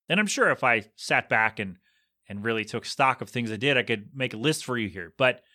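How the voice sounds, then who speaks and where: Bright-voiced man rambling on his podcast. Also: medium pitch, no room sound, clean studio sound. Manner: chatty, jokey, rambling. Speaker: podcast host. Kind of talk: casual solo rambling.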